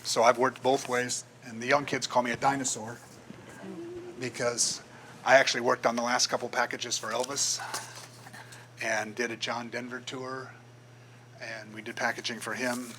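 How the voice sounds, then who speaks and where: Bright-voiced older man telling stories. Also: mid-range voice, level tone, moderate pace, slight background noise, poor audio. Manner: storytelling, acts out quoted voices. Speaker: guest speaker, graphic designer. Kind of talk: casual presentation to a club. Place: meeting room.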